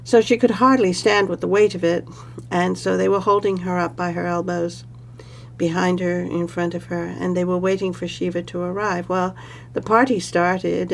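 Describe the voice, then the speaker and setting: A woman telling a myth aloud in a relaxed, conversational way, with pauses and fillers. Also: on the low side, creaky, a little hiss or hum. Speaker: storyteller. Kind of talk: oral storytelling.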